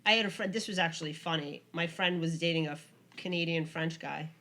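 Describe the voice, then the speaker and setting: A young woman co-hosting a podcast, telling funny stories in casual chat, animated and quick to laugh. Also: sits low. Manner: animated, laughs often, mimics voices in her stories. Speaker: podcast co-host.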